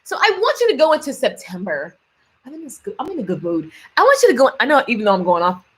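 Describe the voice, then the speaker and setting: A woman's voice: on the high side, huge pitch swings, fast, a bit bright, slightly rough. A woman giving a playful, ranting motivational faith talk to her viewers and calling them baby and honey. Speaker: faith-based lifestyle vlogger.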